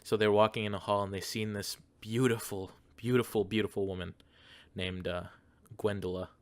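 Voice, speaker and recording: A man's voice: on the low side, little pitch movement, moderate pace, no echo. A man hosting, goofily rambling through an improvised comedy story with a friend. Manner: goofy, rambling, lots of fillers. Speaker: host.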